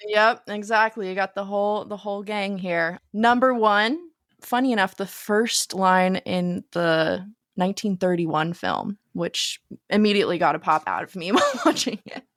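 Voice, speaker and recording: A woman co-hosting a podcast in casual chat, chatty and quick to laugh. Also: medium pitch, no room sound, studio quality. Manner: chatty, laughs often, acts out quotes. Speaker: podcast co-host.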